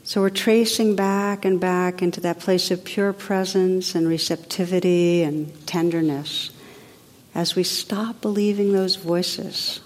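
Gentle low-voiced woman meditation teacher. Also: fairly even intonation, a little slow. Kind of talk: spiritual dharma talk. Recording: long reverb of a large hall.

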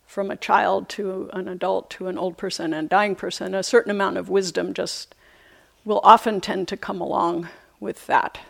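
A middle-aged woman, a meditation teacher, giving a reflective dharma talk on retreat with unhurried, soft hesitations. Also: mid-range voice, fairly even intonation, creaky. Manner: light self-amused laughter. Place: retreat center meditation hall.

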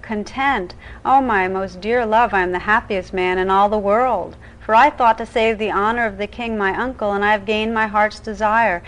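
A woman's voice: medium pitch, steady tone, moderate pace, hardly any pauses, close to an everyday voice, poor audio. A woman voicing a loyal, courteous young knight from an old tale, in an earnest storybook reading.

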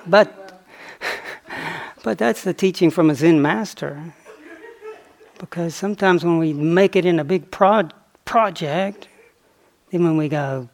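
A man giving a dharma talk on retreat as a meditation teacher, reflective and unhurried, with playful asides. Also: a little high, darkish tone.

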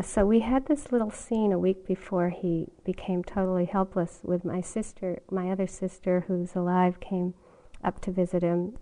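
A woman's voice: lowish voice, mellow, poor audio. An older woman giving a meditation talk at a retreat, telling a personal story in a candid way and laughing often. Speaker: meditation teacher.

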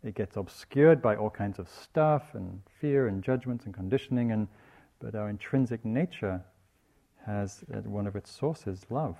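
A male meditation teacher giving a dharma talk. His voice sits a little low and sounds mellow and warm, and his delivery stays gentle and reflective. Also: measured pace, gravelly. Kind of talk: dharma talk on loving-kindness.

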